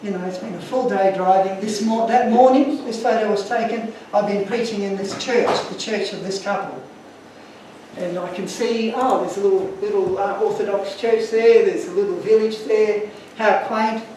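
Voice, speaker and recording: Man giving a talk, earnest and emotional, high-pitched, recorded from afar in a reverberant room. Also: steady tone, moderate pace, a little mellow, a little hiss or hum. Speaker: speaker. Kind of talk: illustrated talk to an audience. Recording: echoey room from far off.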